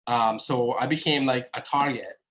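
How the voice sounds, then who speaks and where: A man telling his own story in a relaxed, conversational way, full of fillers and acted-out exchanges. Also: medium pitch, normal speed, lo-fi sound. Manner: conversational, many fillers, acts out quoted exchanges. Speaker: speaker, app founder. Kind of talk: casual storytelling talk.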